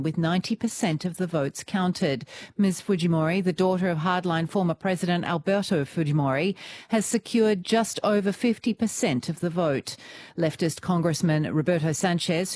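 Female newsreader, lower pitch, measured scripted delivery. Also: a little mellow, slight background noise. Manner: measured, formal. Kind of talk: scripted news bulletin.

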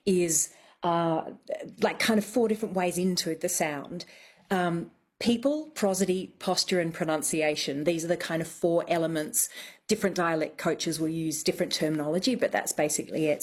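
A woman dialect coach explaining methodically in a radio conversation. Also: lowish voice.

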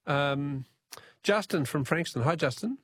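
A man's voice: a little high, expressive, measured pace, fairly bright tone, slightly rough, dry recording, clean studio sound. A man with an Australian accent hosting a radio quiz, chatty and jokey, laughing often. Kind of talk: casual radio talkback.

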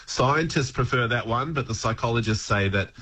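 Husky aussie guy on the radio, rambly, lots of ums and little laughs. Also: mid-range voice, normal speed, fairly bright tone. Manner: rambling, hesitant, chuckling often. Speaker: radio guest, language commentator. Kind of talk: casual radio chat.

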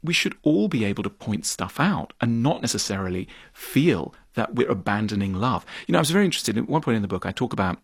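A man being interviewed about his book, explaining his views with lively gestures of speech and acting out imagined exchanges. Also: fairly low pitch, fast talker, creaky, hardly any pauses, husky, no echo, clean studio sound. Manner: animated, acts out imagined dialogue. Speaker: author. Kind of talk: interview conversation.

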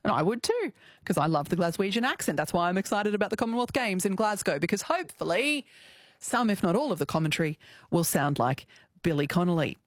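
A woman hosts a radio show with a bouncy, lively voice that rises and falls freely. She is playful and laughs often. The sound is close and dry. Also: fairly low pitch, fast talker, no room sound. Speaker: radio host. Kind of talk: casual radio chat.

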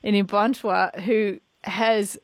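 A woman's voice: medium pitch, steady tone, slow, dry recording. A woman radio host who chats in an upbeat, teasing way. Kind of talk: casual radio chat.

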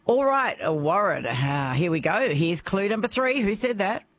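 A woman hosting a radio phone-in quiz, chatty and quick to laugh. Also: medium pitch, animated, a little hiss or hum. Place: radio studio.

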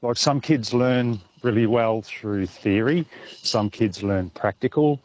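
A man's voice: medium pitch, slow pace, a little mellow, dry recording, muffled recording. A middle-aged Australian man, a truck driver, calling in to radio and telling a story in an easygoing way.

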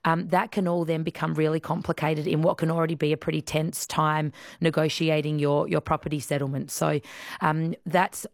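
A hoarse young woman, a family lawyer explaining things chattily on a radio talk show, with many restarts. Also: sits low, little pitch movement, normal speed, dry recording, studio quality. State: hoarse, losing her voice.

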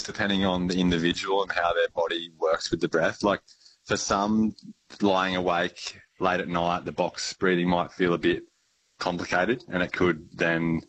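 A man, a breathwork teacher, explaining calmly and casually with frequent fillers. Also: sits low, a little hiss or hum, poor audio. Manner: calm, easygoing, with many fillers. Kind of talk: conversational explanation.

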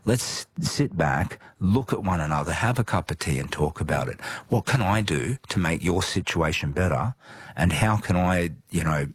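A man's voice: low voice, lively intonation, breathy edge, no echo. An Australian man talking earnestly and casually as a guest, calling people mate and restarting his sentences often. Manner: earnest, matey, halting restarts. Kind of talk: casual conversation.

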